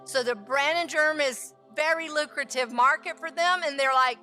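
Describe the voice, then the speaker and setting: A woman who is a food scientist, teaching with lively stories and rhetorical questions. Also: sits high, normal speed, soft background music. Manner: animated, acts out quotes, asks rhetorical questions. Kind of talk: teaching talk with storytelling.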